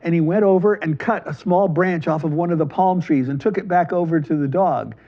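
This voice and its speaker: A man telling a folk tale to children in a lively, animated storytelling manner, slipping into quick character voices. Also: on the high side, muffled recording. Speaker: library storyteller.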